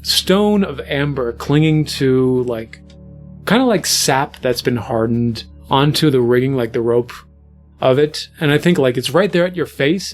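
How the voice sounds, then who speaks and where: Brief: young male game master, casual filler-heavy narration, average pitch.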